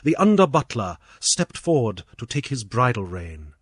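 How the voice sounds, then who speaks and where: A British man narrating an old tale in a measured, expressive reading. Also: mid-range voice, husky, no echo. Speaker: audiobook reader. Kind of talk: storybook narration.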